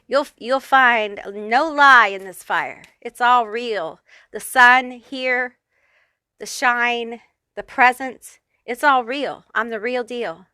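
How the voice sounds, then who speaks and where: A woman's voice: fairly high pitch, slow, bright, forceful tone, clear, resonant tone, no room sound, clean studio sound. A woman giving a pick-a-card tarot reading, talking straight to the viewer in a blunt, profane, fired-up way. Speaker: tarot reader.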